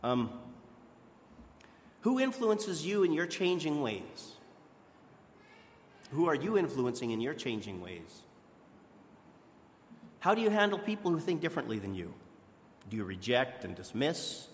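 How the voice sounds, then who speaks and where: A man's voice: fairly high pitch, very animated, measured pace, pauses often. Man, sermon, earnest conversational preaching, frequent restarts, roomy long reverb, faint background noise. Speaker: pastor. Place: church hall. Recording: echoey hall with long reverb.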